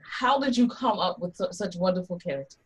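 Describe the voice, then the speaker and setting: A woman co-host keeps a casual talk show moving at a brisk clip and teases her partners. Her voice is husky and slightly rough. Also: fairly low pitch, expressive. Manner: brisk and teasing.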